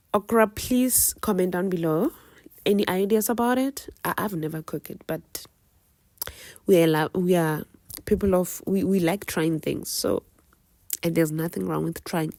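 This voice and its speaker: A woman's voice: medium pitch, a little mellow, no room sound, clean studio sound. Chatty South African woman cooking at home. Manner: chatty, teasing, preachy asides to viewers. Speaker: cooking vlogger. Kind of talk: casual cooking vlog chat.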